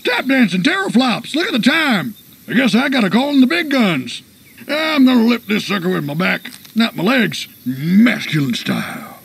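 Sarge, a gravelly cranky old sergeant. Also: male voice, high voice, big pitch swings, moderate pace, full character voice. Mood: frantic. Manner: blustering and loud. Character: gruff old male army sergeant, bossy and cranky. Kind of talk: animated series acting.

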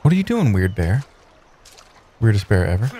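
A man hosting a let's play, commenting on gameplay in an excitable, joking way with many exclamations. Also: on the low side, normal speed.

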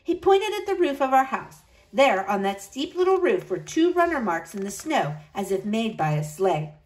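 A woman reading a children's Christmas story aloud, with lively delivery and high excited lines for the children. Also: moderate pace, low-quality recording. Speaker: storybook narrator. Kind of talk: storybook read-aloud narration.

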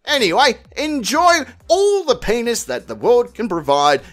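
Male commentary host, high voice with a lively swing, crude and mocking. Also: unhurried. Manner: crude, mocking, rambling jokes. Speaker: host of a police-video commentary channel. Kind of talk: comedic commentary.

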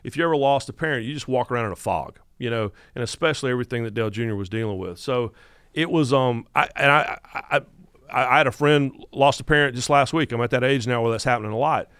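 A man's voice: medium pitch, quick pace, clean tone, dry recording, studio quality. A man in his fifties with a North Carolina Southern accent, telling stories as a guest host on a casual podcast. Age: 50s. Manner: animated storyteller who acts out quotes.

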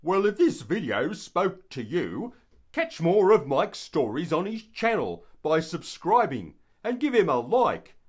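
A man's voice: on the high side, huge pitch swings, unhurried, breathy edge. Earnest older man telling a Bible story. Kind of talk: devotional story narration.

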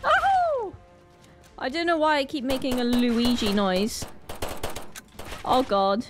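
A woman with a Northern Irish accent giving excitable gameplay commentary, full of panicked exclamations. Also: a little high, measured pace, music in the background. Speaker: gaming channel host.

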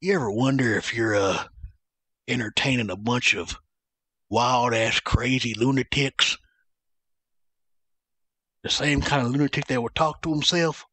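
A man's voice: medium pitch, unhurried, pauses often, bright, forceful tone, slightly rough, dry recording. A man streaming a video game, joking and rambling as he thanks chat by name. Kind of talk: casual live-stream chat.

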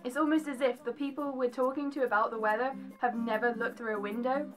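A young woman from England with an English accent and a slight American twang, chatting to camera with animated, jokey asides in a home vlog. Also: high voice, brisk, hardly any pauses, faint music behind. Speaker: vlogger. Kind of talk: casual chat to camera.

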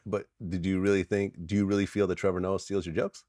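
A man hosting a casual sit-down interview, asking relaxed follow-up questions. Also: sits low, fast talker, no room sound, studio quality. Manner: relaxed, asks follow-ups, short agreements. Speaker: interview host.

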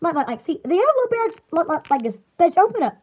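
A woman's voice: very high voice, very animated, rapid-fire, darkish tone. A woman, chatting casually with viewers on a live stream from her store, giggly and rambling. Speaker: store owner.

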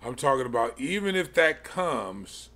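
A middle-aged man gives a sermon-style Bible lesson in a gravelly voice. He talks very slowly, breaking his phrases with pauses and small restarts as he works through his ideas. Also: mid-range voice, very animated, bright, forceful tone. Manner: slow, halting delivery with many pauses and restarts. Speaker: podcast teacher.

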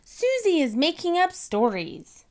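A woman voicing a small, excitable girl piglet in a storybook, using a high childlike voice. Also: unhurried, heavily acted. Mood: excited.

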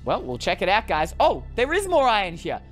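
A woman giving chatty, animated let's-play commentary to her viewers, often exclaiming in excitement. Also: medium pitch, fairly quick, faint music behind. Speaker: gaming video creator.

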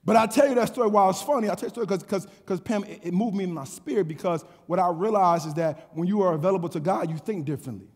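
A man delivers a sermon in a notably high voice, working the crowd with call and response. He stammers through repeated words as he tells his story and climbs to shouting. Long reverb from a large hall trails every phrase. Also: very fast, few pauses. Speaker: pastor.

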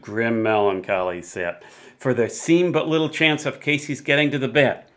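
A middle-aged man presenting and dramatically reciting narrative poems, swinging between loud peaks and hushed lines, with chatty asides in between. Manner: theatrical, big swings in loudness and pitch, chatty asides. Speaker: poetry presenter.

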